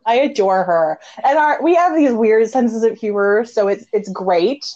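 A woman hosting a casual conversation, telling stories with lots of laughter and animated quoted dialogue. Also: a little high, unhurried. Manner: animated storyteller, laughs often. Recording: dull lo-fi audio.

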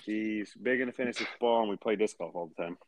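A man's voice: on the low side, quick pace. Laid-back wisecracking man, podcast banter. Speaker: podcast co-host.

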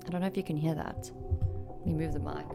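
A woman hosting a casual solo podcast from a small home office, chatty and excitable, rambling a little. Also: low voice, fast, vocal fry, loud music behind the voice. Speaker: podcast host.

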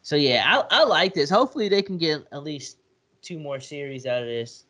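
A man co-hosting a casual podcast chat, talking loosely and laughing as he retells TV scenes. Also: a little fast. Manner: animated, laughing, acts out scenes in high put-on voices. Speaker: podcast co-host.

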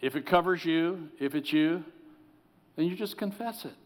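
Earnest preacher in a reverberant hall. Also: male voice, a little high, normal speed. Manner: earnest preaching, drops to soft pleading tones. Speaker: pastor. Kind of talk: sermon.

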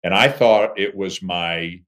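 A man in his fifties, a sportscaster, telling stories about his career as an animated interview guest. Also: slow. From Toronto, Canada. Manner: animated storyteller, lively swings in pitch and volume. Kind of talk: conversational interview storytelling.

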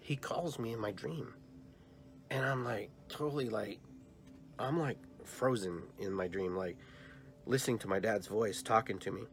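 Soft-spoken man in his fifties, rambling. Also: fairly low pitch, normal speed, soft background music. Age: 50s. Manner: rambling, heartfelt, soft-spoken retelling of a dream. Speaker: podcast host. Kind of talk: personal storytelling monologue.

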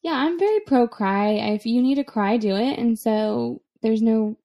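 Chatty young mom co-hosting a podcast. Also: female voice, fairly high pitch, moderate pace. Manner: relaxed, chatty, laughs often. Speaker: podcast co-host, mother. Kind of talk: casual chat.

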